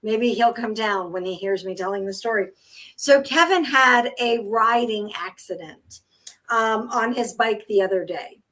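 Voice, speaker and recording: A woman in her fifties tells a story on a casual talk show, her voice sitting a little high and bouncing with animation. She laughs often as she goes. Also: a little slow, pushed and bright. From United States. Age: 50s. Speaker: co-host. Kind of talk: casual chat.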